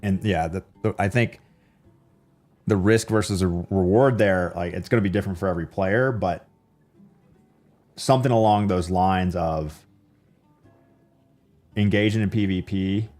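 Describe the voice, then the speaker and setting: Low-voiced man chatting on stream. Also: unhurried, long pauses, a little mellow, faint music behind. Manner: rambling, many fillers and restarts. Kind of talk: casual chat reading live chat.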